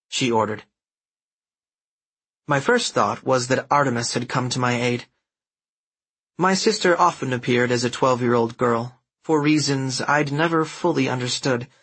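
A man's voice: medium pitch, fairly bright tone, slightly rough. A man reading a first-person story aloud in a wry, dramatic storytelling manner. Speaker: audiobook narrator. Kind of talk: first-person audiobook narration.

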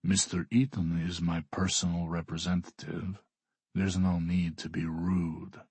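A man's voice: slightly rough, dry recording, exaggerated voice. A man voicing a bored, blunt billionaire. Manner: flat, unimpressed, slow and low. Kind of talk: audiobook character voice.

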